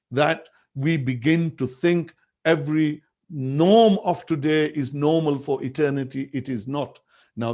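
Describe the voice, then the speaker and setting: A middle-aged man from England speaks earnestly in an academic webinar talk. His voice sits a little high for a man, and he tells stories with quoted dialogue over a video call. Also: darkish tone. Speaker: guest speaker.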